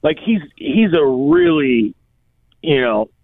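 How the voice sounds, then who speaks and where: A man's voice: on the high side, very animated, slow pace, dry recording. A man co-hosting a radio show in casual chat, telling stories in laid-back slang. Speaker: radio co-host. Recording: tinny phone line.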